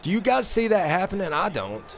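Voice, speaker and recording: A man hosting a sports video game channel, giving let's-play commentary in a mock play-by-play style. He vents and swings between flat grumbling and excited outbursts. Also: high-pitched, a little fast, vocal fry. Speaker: gaming channel host.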